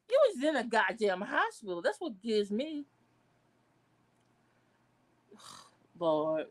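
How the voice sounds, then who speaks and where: A woman vlogger giving casual livestream commentary, blunt, outraged and profane, with sudden high outbursts. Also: big pitch swings, slow pace, pauses often, a bit bright.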